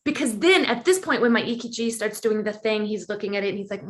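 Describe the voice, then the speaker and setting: Speaking fast with hardly a pause, a female podcast guest recounts a personal story in conversation, voicing the quoted lines with dramatic pitch jumps.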